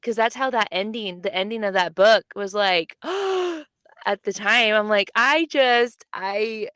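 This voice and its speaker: A young adult woman co-hosting a casual book podcast, telling stories with lively acted-out quotes. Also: a little slow, smooth, no echo. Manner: animated storytelling, acts out quotes with big pitch jumps. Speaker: podcast co-host. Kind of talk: casual chat.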